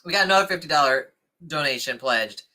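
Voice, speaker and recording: A young adult man hosting a casual livestream, chatting excitedly and thanking viewers as he reads comments. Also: on the high side, fast. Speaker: livestream host.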